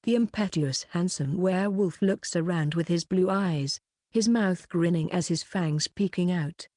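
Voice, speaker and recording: A woman reading a web novel aloud as an audiobook narrator, keeping one even voice throughout. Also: on the low side, unhurried, no echo, studio quality.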